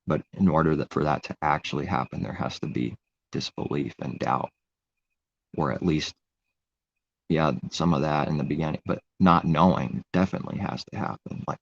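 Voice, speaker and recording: A man's voice: extremely low pitch, moderate pace, creaky, highs cut off. A man giving an informal, rambling sermon in a conversational way. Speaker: preacher. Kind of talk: informal live-stream sermon.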